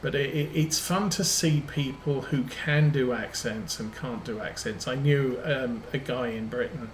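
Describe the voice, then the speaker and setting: While he plays a farming game on stream, a man tells rambling anecdotes packed with ums in casual chat. He speaks at a measured pace in a mid-range voice, and the recording has a roomy echo plus a little hiss or hum.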